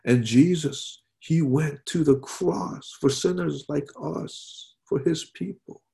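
A man preaching a sermon in a conversational style, often adding "right?" and dropping his voice softly for quoted words. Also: fairly high pitch, slow pace, vocal fry. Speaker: pastor.

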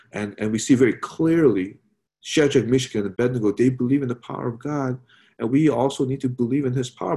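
A man's voice: mid-range voice, warm tone. A man preaching a sermon in an earnest way, asking rhetorical questions and repeating phrases.

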